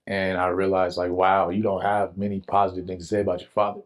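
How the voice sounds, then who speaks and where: Earnest young man, low voice. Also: quick pace. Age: young adult. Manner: earnest, animated storytelling with casual slang. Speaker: guest telling his testimony. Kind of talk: emotional personal testimony.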